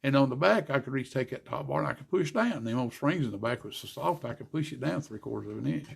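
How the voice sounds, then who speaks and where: Gravelly older storyteller. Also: male voice, medium pitch, fast. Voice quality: gravelly, husky. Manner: folksy, animated storyteller acting out dialogue. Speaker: guest, former racer and car builder. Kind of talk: casual storytelling interview.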